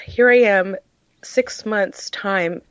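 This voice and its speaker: A woman's voice: mid-range voice, slow pace, smooth, dry recording, highs cut off. A woman guest on a podcast, earnestly telling her personal story in an emotional way, with frequent "uh" fillers. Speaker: podcast guest, charity founder.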